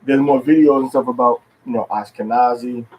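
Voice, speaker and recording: A man giving an informal religious lesson on Hebrew pronunciation, pausing often with fillers and repeating words as he thinks. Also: mid-range voice, fairly even intonation, darkish tone, a little hiss or hum, low-quality recording. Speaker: religious teacher.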